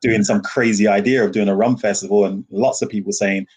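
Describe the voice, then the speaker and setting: An enthusiastic man with a low, husky voice, speaking as a podcast guest over a video call. He tells his stories with lively energy and laughs often. His delivery stays warm-blooded and emphatic. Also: fairly quick. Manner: enthusiastic, animated storyteller who laughs often. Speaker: guest, rum ambassador. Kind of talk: podcast interview.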